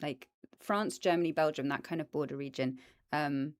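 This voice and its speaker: With a low-pitched voice, fairly even intonation, and a moderate pace, this woman sounds free of room sound. She's a voice actress of British and American accent, enthusiastically hosting a casual plant stream by a desk microphone, chatting with viewers and leaning on ums and asides.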